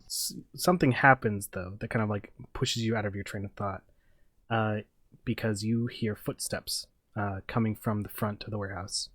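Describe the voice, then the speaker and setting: A man's voice: fairly low pitch, steady tone, normal speed, fairly bright tone, no echo. A man narrating a tabletop game as game master, in a loose, rambling way full of fillers.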